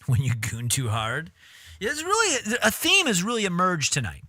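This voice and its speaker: A man's voice: high voice, huge pitch swings, normal speed, pushed and bright, no room sound, studio quality. A man hosting a live stream, giving casual, crude, joking commentary with laughing asides.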